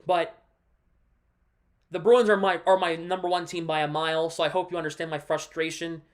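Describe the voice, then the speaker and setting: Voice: medium pitch, little pitch movement, moderate pace. Hockey streamer breaking down plays then venting, fed up and emphatic, just talking to chat. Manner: frustrated, ranting, emphatic; walks viewers through a play by pointing on screen. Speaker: livestream host and hockey fan. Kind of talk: casual livestream commentary on a game.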